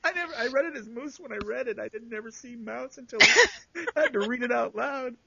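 Man reading aloud, giggly, bright tense voice, very high and swooping, husky, dull lo-fi sound. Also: fairly quick. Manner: giggly, keeps breaking into laughter while reading. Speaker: co-host reading listener posts. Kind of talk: casual podcast chat, reading aloud.

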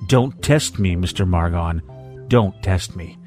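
A man doing a quietly menacing alien intruder. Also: deep voice, takes it slowly, soft background music. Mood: threatening. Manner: quiet, sarcastic, threatening.

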